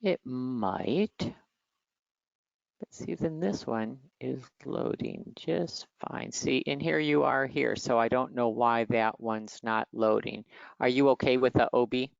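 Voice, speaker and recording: Taking it slowly in a bass voice with vocal fry, a Midwestern-accented exam tutor from Michigan runs an online teaching session on a video call. She is chatty, teasing and direct, with a nasal accent, and the call audio is muffled and dry.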